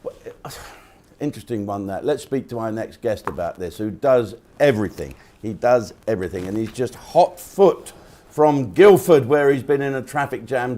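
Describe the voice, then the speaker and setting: A man hosting a live comedy chat show. He jokes and teases his guests in relaxed banter, with a voice of ordinary pitch for a man. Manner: joking, teasing banter. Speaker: host.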